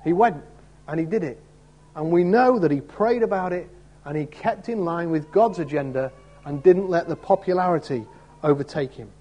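A man preaching a Bible sermon in a chatty, conversational way, often turning to his listeners with tag questions. His voice sits somewhat high for a man, and it has a husky, slightly breathy grain. The tone stays warm and mellow rather than bright. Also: moderate pace, lo-fi sound. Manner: acts out quoted voices in the story. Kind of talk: expository sermon.

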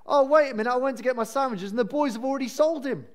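A man briefly voicing an unreliable, scatterbrained brother in a flustered, offhand way, higher than his usual voice. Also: very fast.

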